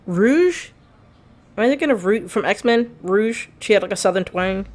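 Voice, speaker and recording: A woman's voice: mid-range voice, a little fast. A woman streamer rambling casually while playing a video game, laughing often as she talks. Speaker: let's play streamer. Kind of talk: casual gameplay commentary.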